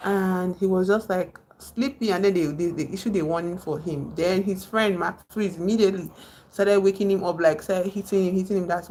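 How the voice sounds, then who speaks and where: A woman with a Nigerian accent hosts a casual livestream, her voice fairly low and a little mellow, her pace a little quick. She rambles while retelling film scenes and greeting viewers in the chat.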